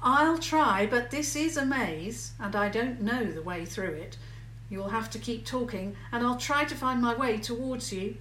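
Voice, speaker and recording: A woman voicing a practical schoolboy who calls out briskly and a little crossly in a storybook reading. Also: fairly high pitch, big pitch swings, a bit bright, reverberant, distant mic, slight background noise. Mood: shouting. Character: boy, practical and a bit cross.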